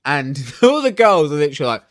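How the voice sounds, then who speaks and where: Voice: mid-range voice, sing-song, fast, dry recording, studio quality. A vlogger ranting casually and sarcastically through a reality TV recap, opinionated and swearing.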